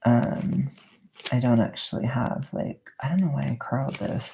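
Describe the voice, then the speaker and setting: A young woman with a strikingly deep voice and a gravelly, fry-heavy edge chats while wrapping presents at home. She rambles along in a quiet, soft-spoken way. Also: a little slow, a little hiss or hum. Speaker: vlogger. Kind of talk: casual chat while wrapping gifts.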